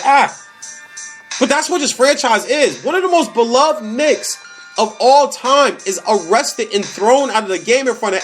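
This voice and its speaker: A man hosting a comedy podcast, delivering a casual, animated sports rant full of slang and repeated phrases for emphasis. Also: very high voice.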